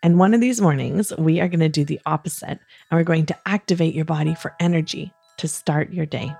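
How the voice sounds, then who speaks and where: A woman hosting a children's podcast, talking gently and soothingly at bedtime, coaxing listeners along with playful pretend yawns. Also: deep voice, creaky, slightly rough, faint music behind. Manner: soft, soothing and encouraging, with playful drawn-out yawns. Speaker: kids podcast host.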